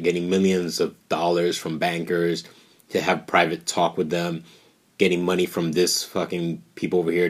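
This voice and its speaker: A young man from New York ranting bluntly and profanely on his podcast, animated and outspoken. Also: low-pitched. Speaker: podcast host. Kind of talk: casual political rant.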